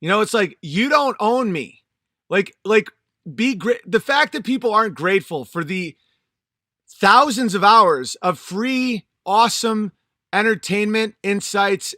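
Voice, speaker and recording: A man's voice: high-pitched, bright, forceful tone, no echo, clean studio sound. A man in his thirties, a channel host, delivering an angry, profane and emphatic vlog monologue.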